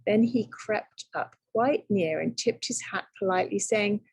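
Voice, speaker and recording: A woman teacher reading a picture book aloud to children, telling it in an expressive, dramatic way. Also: medium pitch, unhurried, slightly rough, no room sound.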